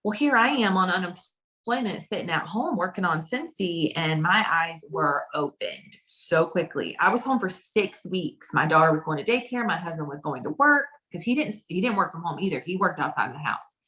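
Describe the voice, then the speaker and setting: A woman's voice: lowish voice, animated, moderate pace, bright, forceful tone. A woman consultant telling her personal story in a casual, chatty way, often repeating phrases for emphasis. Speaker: direct sales consultant.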